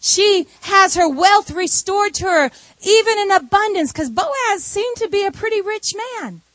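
A woman preacher delivering a sermon through an animated, conversational retelling of a story. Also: very high voice, measured pace, no room sound.

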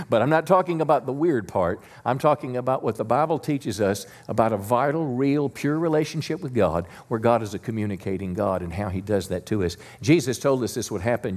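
A male pastor preaches a Sunday sermon in a church sanctuary with a middle-pitched, slightly mellow voice, easygoing and conversational. He leads call-and-response, inviting the congregation to repeat key lines back.

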